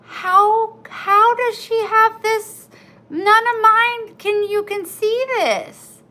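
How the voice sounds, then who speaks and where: A woman at home talking softly in baby talk to her pets, cooing and praising them. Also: very high-pitched, drawn-out words, reverberant, distant mic, rough recording. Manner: soft, cooing. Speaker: pet owner. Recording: background noise.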